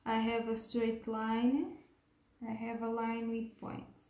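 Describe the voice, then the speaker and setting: Slow, gentle woman teaching a craft. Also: on the high side, completely flat delivery. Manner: unhurried, gentle, with frequent fillers and checking "okay?". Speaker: cake decorating instructor. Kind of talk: step-by-step craft tutorial. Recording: echoey room.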